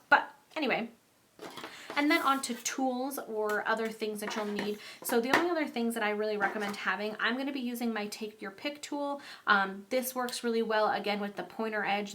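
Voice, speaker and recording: A woman's voice: medium pitch, bright, forceful tone. A young woman chatting casually and upbeat through a card-making tutorial, with frequent ums.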